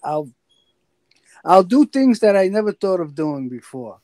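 A man's voice: high voice, sing-song, unhurried, a little mellow, no room sound. A man co-hosting a casual live-stream chat over a video call, blunt and profane, stammering over repeated words.

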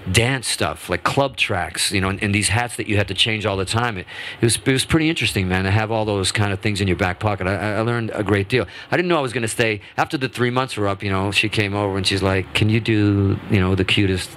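A man in his fifties, a guest musician telling stories in a casual radio interview, animated and quick to act out quotes, with many restarts. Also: fairly low pitch, slight background noise. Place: radio studio.

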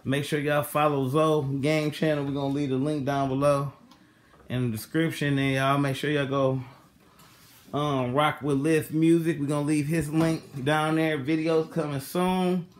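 Speaking a little slowly with a flat delivery, a man with a voice on the high side runs a casual cooking vlog from his home kitchen. He patiently coaxes children through each step and calls out directions.

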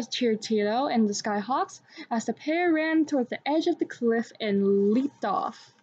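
A young woman reading a children's book aloud in a steady storytelling manner. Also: on the high side, unhurried, hardly any pauses, husky. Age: young adult. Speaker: student volunteer reader. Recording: dull lo-fi recording.

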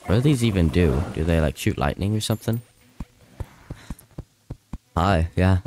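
A man's voice: sits low, expressive, normal speed, darkish tone, slight background noise. A man streaming a video game live, chatting loosely with viewers, often panicking and laughing. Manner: panicky, laughing, rambling to chat.

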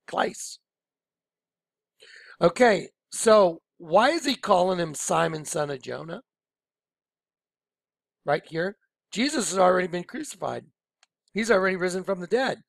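Excited high-voiced man teaching scripture. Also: unhurried, vocal fry, pauses often, no echo, studio quality. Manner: excited, rambling, keeps saying "watch this". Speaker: Bible teacher. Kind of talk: informal screen-share Bible study.

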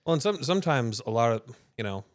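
A man in a relaxed podcast chat, wandering through his stories and slipping into other people's voices for the quoted bits. He talks as a co-host and father, middle of the road in pitch. The sound is dry and close. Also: quick pace, no room sound. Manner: rambling storyteller who acts out quotes in other voices. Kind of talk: casual chat.

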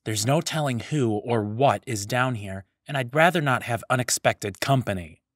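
A man's voice: moderate pace, no room sound, studio quality, lightly acted. A man voicing a determined male hero of light who speaks in a curt, commanding way. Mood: sharp. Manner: curt, commanding, low-key.

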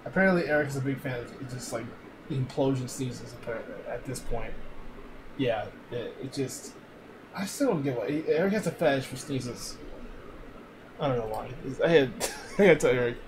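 A man's voice: medium pitch, animated, normal speed, background noise. A man streaming, reacting to old clips in loose casual chat, laughing a lot and swearing freely.

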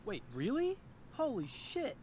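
A man's voice: very high-pitched, huge pitch swings, measured pace, darkish tone, heavily acted. An awkward, earnest teenage boy. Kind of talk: video game dialogue.

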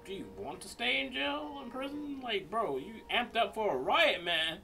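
A man's voice: high voice, lively intonation, normal speed, gravelly, sharp tone, soft background music. A man hosting a reaction video in a casual, chatty way, laughing often. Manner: laughing, casual, uses filler words.

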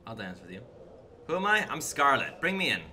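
A man's voice: medium pitch, very animated, brisk, pushed and bright, a little hiss or hum. A man hosting a casual board game over a voice call, playful and theatrical with mock-serious lines. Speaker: game host.

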